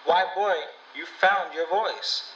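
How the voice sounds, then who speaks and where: A man's voice: high-pitched, takes it slowly, a bit bright, echoey room, distant mic, muffled recording, a little hiss or hum, voice pushed up. A man putting on a prim, polite little girl's voice. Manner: prim, chiding. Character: polite proper young girl.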